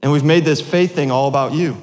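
A man in his thirties, a pastor preaching a sermon in a church, animated and self-deprecating, often laughing at himself. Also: a little high, brisk. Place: church sanctuary. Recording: long hall reverb.

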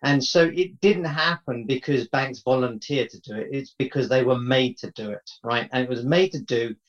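A man's voice: mid-range voice, moderate pace. A man in a podcast discussion, arguing his points and tagging them with questions. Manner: tag questions, argumentative, ends points with "right?". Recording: dull lo-fi audio.

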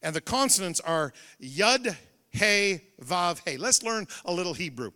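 A male pastor preaching a revival sermon, building to loud call-and-response emphasis. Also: high voice, animated, measured pace. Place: church sanctuary. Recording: reverberant church hall.

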